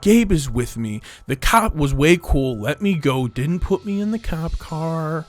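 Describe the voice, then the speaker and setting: Animated man telling a dramatic story. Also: on the high side, unhurried. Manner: dramatic, quotes people in different voices.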